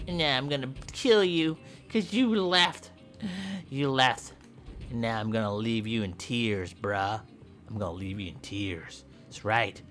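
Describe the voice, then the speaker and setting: Goofy guy trash talking while he plays, yelps a lot, game music going loud in the back. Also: mid-range voice, unhurried. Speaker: gameplay commentator. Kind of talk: comedic let's-play commentary.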